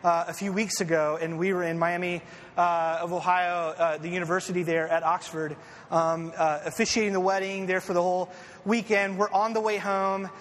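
High-voiced man preaching in an echoey hall. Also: normal speed. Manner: animated, self-deprecating storyteller with many fillers. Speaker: pastor. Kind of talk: conversational sermon with personal stories. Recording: echoey hall with faint ambient noise.

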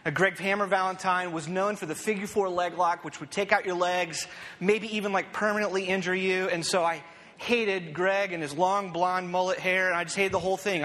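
A man opens a sermon with a personal story, told in a high voice with a long reverb tail. He's animated and self-deprecating, and keeps checking in with "right?"

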